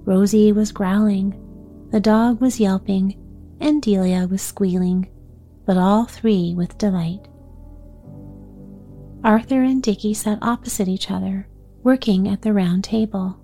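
A woman reading a bedtime story aloud in a gentle, measured way. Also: medium pitch, fairly even intonation, faint music behind.

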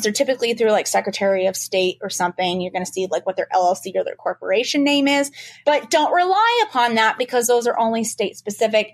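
A woman lawyer explaining trademark issues quickly and animatedly in a casual podcast interview. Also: fairly high pitch, dry recording. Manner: fast-talking, animated, explanatory.

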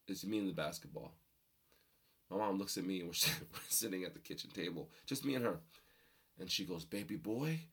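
A young man telling personal stories to an audience, animated and humorous, building to emphatic points. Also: deep voice, vocal fry, breathy edge. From New Jersey. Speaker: motivational storyteller. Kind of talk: storytelling talk to an audience.

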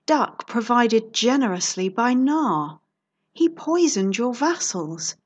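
A woman's voice: fairly high pitch, animated, takes it slowly, breathy edge, dull audio, pitched above the performer's own voice, exaggerated voice. A woman voicing a bold female private investigator with a smug, teasing and sultry manner.

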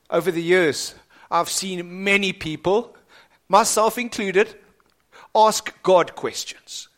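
A man preaching a sermon with dramatic swings between loud and soft, asking the congregation rhetorical questions. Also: sits high, takes it slowly, pauses often.

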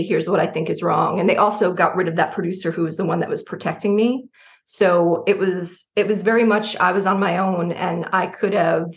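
A middle-aged woman from New Jersey speaks candidly as an interview guest, with a gravelly, fry-edged voice. She is animated, laughs between thoughts and restarts her sentences. The sound is slightly dull and muffled. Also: on the low side. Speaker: writer guest.

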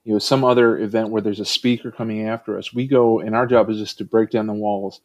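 Male comedian guest, earnest, low voice, dry sound. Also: fairly even intonation, fast, dry recording, highs cut off. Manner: earnest, cites scripture, speaks of laughter warmly. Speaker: Christian comedian and improv performer. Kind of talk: conversational interview guest.

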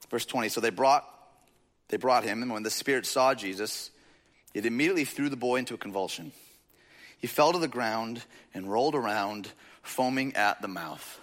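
Speaking in a medium-pitched, fairly bright voice, this pastor keeps his sermon conversational. He throws questions at the congregation and uses "like" a lot, and the hall around him echoes.

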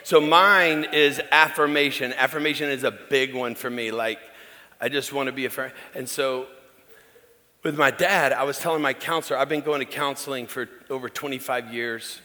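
Middle-aged pastor with a bright voice in a hall. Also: male voice, mid-range voice, moderate pace. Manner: conversational, candid storytelling with the congregation. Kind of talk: sermon. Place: church hall. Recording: long church-hall reverb.

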